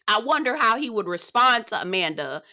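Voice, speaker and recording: Woman host, young adult, sassy ranting commentary, high forceful voice, dry close sound. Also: big pitch swings, fairly quick, no echo. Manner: sassy, hollering, talks straight to viewers.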